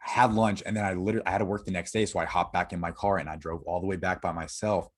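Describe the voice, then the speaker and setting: As a podcast guest, a young man from Florida with a strikingly deep, low voice shares a personal story candidly. His intonation stays fairly even, but he speaks haltingly, stopping, restarting and relying on fillers.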